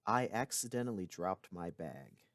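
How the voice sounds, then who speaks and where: A man explains a lesson in clear, patient steps, his fairly low voice rising and falling with plenty of movement. The sound is close and dry, with no room around it. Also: sing-song, moderate pace, no echo. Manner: clear explanatory teaching with occasional asides. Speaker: language teacher. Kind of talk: recorded language lesson.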